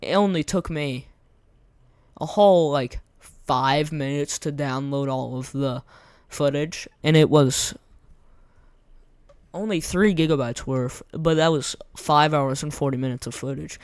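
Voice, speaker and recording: A young man giving casual, rambling gameplay commentary, his voice going hoarse, slangy and repeating himself. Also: fairly high pitch, unhurried, no room sound. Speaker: gaming content creator.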